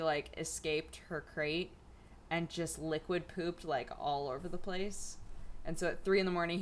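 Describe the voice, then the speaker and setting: A young adult woman chatting casually at home in a rambling vlog, full of fillers. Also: low-pitched. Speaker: vlogger. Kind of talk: casual chat.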